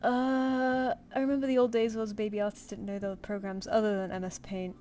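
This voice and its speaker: A woman's voice: mid-range voice, little pitch movement, quick pace, a little mellow, a little hiss or hum. A woman streaming while she draws, thinking aloud and answering her viewers in casual chat. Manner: chatty, thinks aloud, reads chat comments and answers them. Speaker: streamer drawing live.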